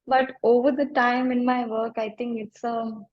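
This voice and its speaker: A woman wellness coach answering interview questions in a slow, soothing, deep voice. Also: flat delivery, dry recording, lo-fi sound. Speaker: emotional wellness coach, guest.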